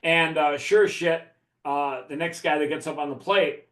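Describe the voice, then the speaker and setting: A man's voice: fairly high pitch, moderate pace, fairly bright tone. A man from the Chicago area telling a profane story in a casual chat, laughing as he talks. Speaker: podcast guest. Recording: echoey room.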